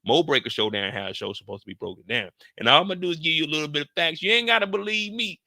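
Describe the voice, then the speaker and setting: A man giving energetic, slangy recap commentary on a TV episode. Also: on the high side, racing, vocal fry, dry recording, studio quality. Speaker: show recap host.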